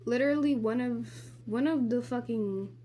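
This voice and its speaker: A woman's voice: fairly high pitch, moderate pace, warm tone, slight background noise. A teenage girl vlogging while doing her makeup at home, telling a story in a rambling, profane way full of "like" and rants. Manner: rambling, profane, heavy use of "like"; indignant ranting. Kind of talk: casual get-ready-with-me storytime.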